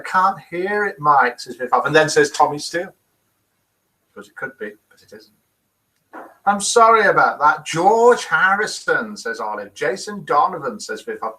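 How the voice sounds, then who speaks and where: An older man hosting a live daily quiz and chat webcast reads viewers' comments aloud in a chatty manner. His fairly high voice is pushed and bright, captured on a desk microphone in a rough recording.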